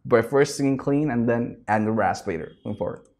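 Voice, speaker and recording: A young man with an Indian English accent, coaching singing in a reaction video, energetic and always checking in with "right?". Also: medium pitch, brisk. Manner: energetic, ends phrases with "right?"; restarts and repeats words often. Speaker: vocal coach.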